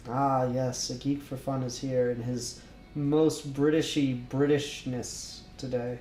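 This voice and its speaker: Man, podcast host, casual banter, laughs a lot, casual swearing, mid-pitched voice, echoey room. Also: level tone, slow pace, warm tone, a little hiss or hum. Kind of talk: casual chat.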